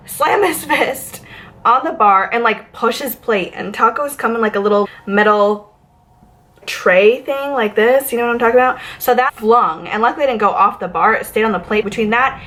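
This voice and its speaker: A woman from Massachusetts, telling a storytime rant about her bartending days in a chatty, animated way full of fillers. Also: on the high side. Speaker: vlogger, former bartender.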